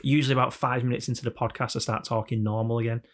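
Gravelly, chatty man. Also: mid-range voice, little pitch movement, racing. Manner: chatty, swears, mimics announcer voices. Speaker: podcast host. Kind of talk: casual podcast chat.

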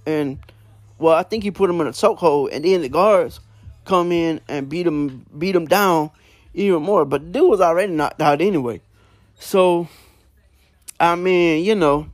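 A man's voice: a little high, moderate pace, no echo. A man casually retelling prison stories, rambling with lots of fillers and slang. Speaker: storyteller.

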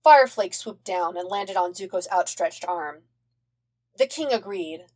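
A woman reading fan fiction aloud as a podfic narrator, telling it in a lively, expressive way. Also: lowish voice, measured pace, husky. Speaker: podfic reader.

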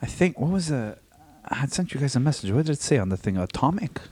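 A man's voice: medium pitch, sing-song, fast, warm tone, husky. A man co-hosting a comedy podcast, rambling and stumbling over his words in casual chat. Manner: rambling, stumbles and restarts, laughs often. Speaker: podcast co-host.

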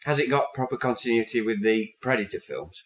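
A man's voice: medium pitch, expressive, fairly quick, echoey room, dull audio. A man, co-hosting a casual film podcast in a jokey, teasing way and steering the topic. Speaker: podcast co-host.

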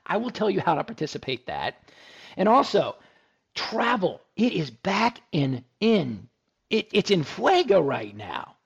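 A man's voice: fairly high pitch, very animated, moderate pace, vocal fry, husky, lo-fi sound. A man from Texas hosting a radio tech talk show, chatty and joking, with lots of fillers and restarts.

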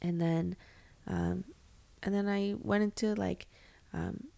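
A woman's voice: medium pitch, fairly even intonation, takes it slowly, vocal fry, mellow. A young woman co-hosting a faith podcast, talking candidly and reflectively, with frequent fillers and restarts. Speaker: podcast co-host.

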